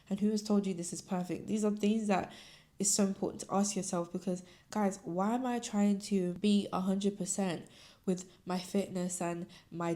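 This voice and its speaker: A woman's voice: on the low side, warm tone. A young woman hosting a casual solo podcast, talking candidly and rambling, with many filler words. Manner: candid, rambling, says "like" often. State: tearful, crying at times. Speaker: podcast host.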